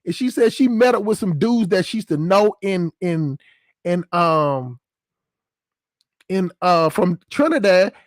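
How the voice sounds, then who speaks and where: A man's voice: sits high, unhurried, no echo, clean studio sound. A man hosting his own channel, telling a long personal story in a loose, profane way and checking in with the listener. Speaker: channel host. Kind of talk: casual storytelling monologue.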